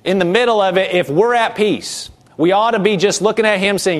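High-voiced man preaching a sermon. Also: normal speed. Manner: conversational preaching with repeated phrases and restarts. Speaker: pastor.

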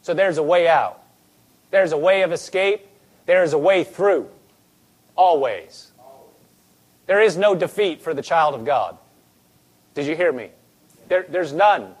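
A man's voice: fairly high pitch, animated, a little slow, pauses often. A male pastor preaching a sermon in an emphatic way, repeating lines and having the congregation say them back.

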